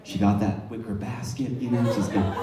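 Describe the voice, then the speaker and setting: A man's voice: fairly low pitch, steady tone, normal speed, background noise. A male stand-up comedian telling profane, rambling stories at a bar. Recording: echoey bar from a distance. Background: laughing crowd.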